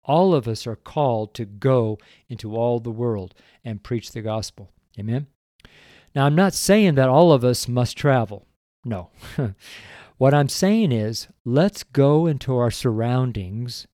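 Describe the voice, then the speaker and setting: Male preacher, earnest and emotional, deliberate delivery, warm mellow tone, dry close sound. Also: mid-range voice, no echo. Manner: earnest, emotional, tearful at times. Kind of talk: devotional sermon and prayer.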